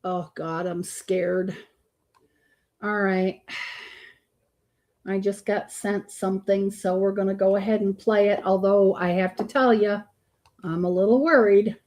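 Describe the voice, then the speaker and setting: A woman's voice: medium pitch, steady tone, unhurried, long pauses, a little mellow. A woman hosting a live reaction stream, greeting viewers by name and speaking bluntly, with frequent swearing and disgusted groans. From Florida. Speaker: livestream host. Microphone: streaming microphone.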